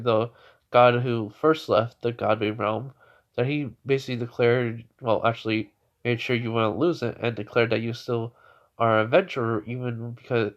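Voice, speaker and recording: A man's voice: medium pitch, highs cut off. Young man rambling through a story. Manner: halting, many restarts and fillers, chuckles often. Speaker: fan-fiction storyteller. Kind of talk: casual improvised story narration.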